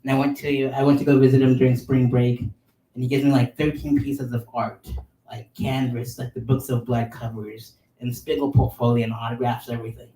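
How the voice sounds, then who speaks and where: Podcast man, thirties, rambling storyteller with a mellow tone, mic a bit far off in an echoey room. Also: mid-range voice, normal speed, slight background noise. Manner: animated, filler-heavy with many likes and ums. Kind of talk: casual storytelling. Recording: roomy sound, mic at a distance.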